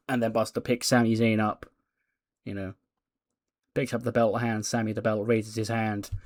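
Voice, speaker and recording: A man casually narrating a wrestling simulation playthrough, excitable and chatty, with many fillers. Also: mid-range voice, no room sound, studio quality. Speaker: game commentator.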